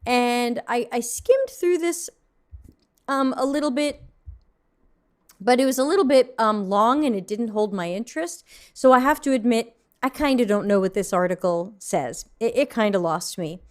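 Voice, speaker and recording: A woman's voice: on the high side, animated, normal speed. A woman hosting a livestream from her desk, reacting to viewer submissions in a frank, mildly snarky way with plenty of ums and restarts. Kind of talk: casual livestream commentary.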